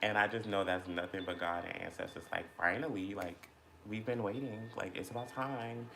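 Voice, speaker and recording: A man's voice: on the low side, fairly even intonation, moderate pace, vocal fry, pushed and bright, slight background noise. A man chatting casually and reflectively while eating, rambling with many fillers as he thinks aloud about feelings. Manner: rambling, filler-heavy, introspective. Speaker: mukbang vlogger.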